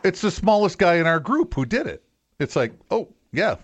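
Lively, higher-voiced radio guest man. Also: brisk. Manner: animated storyteller acting out quotes. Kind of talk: casual chat.

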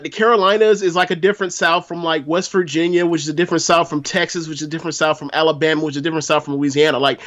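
A man's voice: high-pitched, fairly bright tone. A man from Florida, chatting casually on a wrestling podcast, full of fillers and restarts. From Florida, USA. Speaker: podcast co-host.

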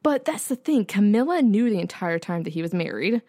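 Animated, cussing young woman podcaster. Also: medium pitch, fairly quick, dry recording, studio quality. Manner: animated, swears a lot, frequent "like" fillers. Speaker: podcast co-host. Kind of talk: casual chat.

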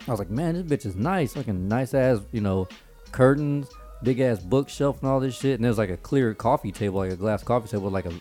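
Low-voiced man swearing through a story. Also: darkish tone. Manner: loose, profane, joking. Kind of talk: casual storytelling chat.

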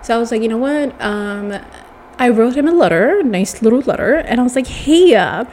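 A young woman with a stuffy nose telling a long personal story in a casual, animated way, swearing freely and calling the listener baby. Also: fairly high pitch, moderate pace, slight background noise.

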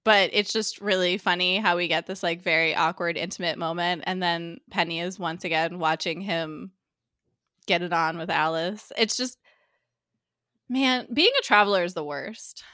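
Woman, casual podcast recap, bright voice, dry close sound, chatty, swears freely. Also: lowish voice, no room sound. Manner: chatty, quoting characters in quick asides, swears freely. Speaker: guest co-host.

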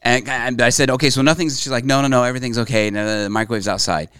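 A man's voice: mid-range voice, fairly even intonation, racing, fairly bright tone, clear, resonant tone, dry recording, studio quality. A man co-hosting a casual podcast, telling a story at length with many fillers and restarts. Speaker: podcast co-host. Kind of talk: casual chat.

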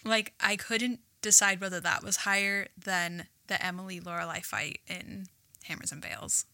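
A young woman co-hosts a podcast in easy, casual chat. Her voice is very bright and sits dry and close with almost no room sound. She talks eagerly, leaning on "like" as she goes. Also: medium pitch, fairly even intonation, normal speed, vocal fry, no room sound. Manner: chatty, many "like" fillers, enthusiastic. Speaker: podcast co-host.

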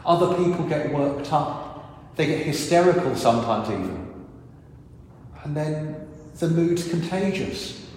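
A man's voice: fairly high pitch, expressive, a little slow, pauses often, a little mellow. A man, a priest giving a sermon, telling stories and acting out reactions and dialogue as he goes. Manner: storytelling, acts out crowd reactions and dialogue. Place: large church. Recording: very echoey church with long reverb.

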